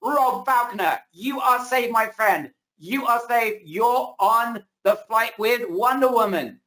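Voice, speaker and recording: A man's voice: extremely high pitch, slow, bright, forceful tone. Hyped man pushing a webinar deal. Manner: hyped, pushy salesman hype. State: losing his voice. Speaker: webinar host. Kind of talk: hard-sell webinar pitch.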